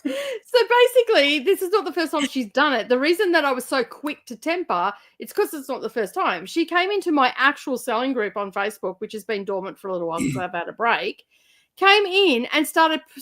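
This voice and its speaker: A woman chatting on a casual live stream, her voice high and swooping as she rants. She swears freely and breaks into laughter often, recorded on a home webcam mic. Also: expressive, brisk, fairly bright tone. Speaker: co-host.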